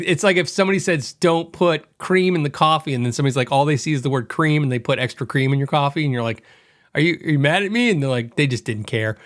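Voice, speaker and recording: A middle-aged man hosting a podcast, telling a story in a chatty, animated way and acting out quoted dialogue. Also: on the high side. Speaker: podcast host. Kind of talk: casual storytelling monologue.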